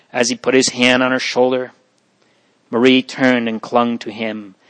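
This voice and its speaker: A man narrating a storybook in an audiobook reading, with a measured, even delivery. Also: mid-range voice, rough recording.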